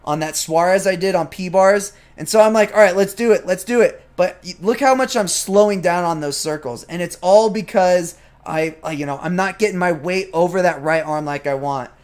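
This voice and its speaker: Young male gymnast vlogger, high-pitched voice, casual and animated, replays his own remarks as he talks. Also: normal speed, hardly any pauses. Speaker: gymnast vlogger answering viewer questions. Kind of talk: casual vlog commentary over training footage.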